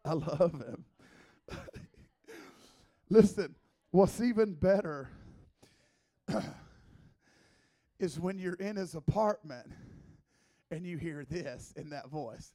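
A man's voice: a little high, very slow, long pauses. A man in his thirties preaching as a guest, a joking, conversational sermon full of teasing asides. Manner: playful, teasing, lively asides.

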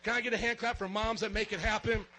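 A man preaching a lively sermon as pastor, calling for amens and getting loud at times. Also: high voice, fast, a little hiss or hum, low-quality recording.

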